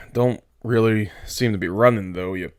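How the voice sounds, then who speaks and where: A man voicing a small, irritable male ranch hand who scolds in a gruff, exasperated way. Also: on the low side, unhurried, dry recording, clean studio sound, natural voice. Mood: scolding.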